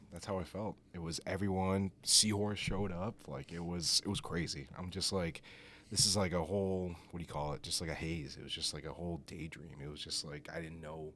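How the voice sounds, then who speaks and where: A man's voice: deep voice, a bit bright, a little hiss or hum. A man guesting on a podcast, telling stories in a rambling, casual way full of fillers. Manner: rambling, filler-heavy storytelling with laughs. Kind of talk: casual chat.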